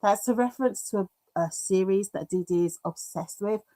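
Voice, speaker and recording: A British woman hosting a craft livestream, chatting casually and reading comments aloud, self-mocking and quick to laugh, with an occasional cough. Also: mid-range voice, warm tone. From United Kingdom. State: coughing now and then.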